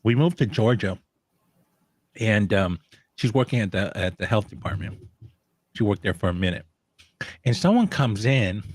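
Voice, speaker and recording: A man chatting casually on a talk show, telling animated stories with frequent restarts and laughs. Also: lowish voice, moderate pace, no echo. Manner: animated storyteller, laughs often, many restarts. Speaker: co-host of a social media talk show. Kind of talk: casual chat.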